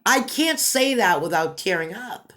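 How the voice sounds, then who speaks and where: A woman talking to her viewers in an emotional commentary monologue, emphatic and repetitive, swinging between quiet and loud stretches. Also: mid-range voice, sing-song, a little slow. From United States. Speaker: commentary vlogger.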